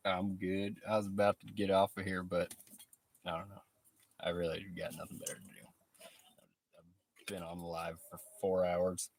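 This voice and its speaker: A man's voice: deep voice, little pitch movement, unhurried, pauses often, slight background noise. A man chatting casually on a live stream, laid-back, swearing freely and laughing often. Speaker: livestreamer. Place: truck workshop.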